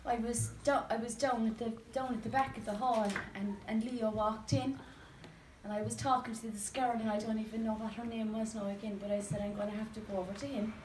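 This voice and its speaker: Irish woman, high voice, impassioned audience speech, distant mic, echoey noisy hall. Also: little pitch movement, brisk, darkish tone. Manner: earnest, storytelling, rising to a rallying call. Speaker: campaigner speaking from the audience. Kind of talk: impassioned public meeting speech. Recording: echoey hall from far off, background noise.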